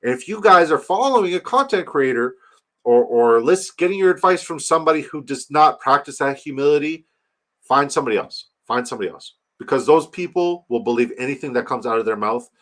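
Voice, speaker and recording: A man's voice: mid-range voice, animated, brisk, a bit bright. A man hosting a livestream, chatting loosely, swearing and talking straight to his chat. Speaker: livestream host. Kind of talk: casual chat.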